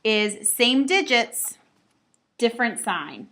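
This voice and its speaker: A woman's voice: fairly high pitch, animated, slow pace, sharp tone. A woman teaching a recorded math lesson, explaining step by step with playful asides to her students.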